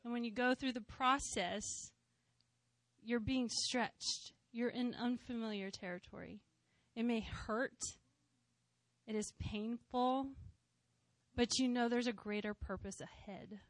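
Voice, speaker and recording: A woman in her thirties gives a conversational sermon testimony, speaking from the heart with a bit of gentle humor woven in. Her voice sits fairly high, and the recording is close and dry, with almost no room sound. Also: measured pace, no echo. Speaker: church speaker sharing testimony.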